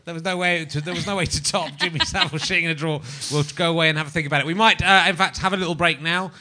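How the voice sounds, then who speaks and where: Bright, joking man hosting. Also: a little high, steady tone, rapid-fire. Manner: provocative, joking, laughing. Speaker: podcast host. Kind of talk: live comedy podcast chat. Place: live show venue before an audience.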